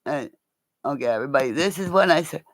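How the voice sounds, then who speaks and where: This woman speaks at a quick pace as she hosts a relaxed livestream, profane and rambling as she chats with viewers by name. Her tone jumps animatedly between high and low, captured in studio quality with no room sound.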